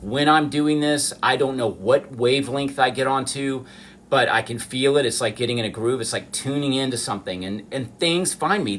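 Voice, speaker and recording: This man, a miniature artist from the southern U.S., talks animatedly and earnestly to viewers during a live stream. He has a mid-range, fairly bright voice at a moderate pace, and a little hiss or hum is audible.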